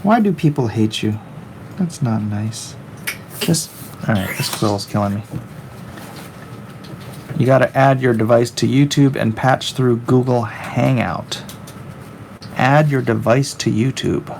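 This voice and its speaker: Slow, gravelly man chatting while he draws. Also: mid-range voice, a little mellow, a little hiss or hum. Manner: rambling, jokey, reads viewer chat aloud. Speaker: comic artist streaming his work. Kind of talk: casual livestream chat while drawing.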